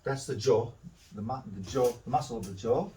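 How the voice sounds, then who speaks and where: A man's voice: mid-range voice, a little fast, mellow, far from the mic, slight background noise, poor audio. A man teaching a drawing demonstration, talking through each step and correcting himself as he goes. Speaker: art instructor.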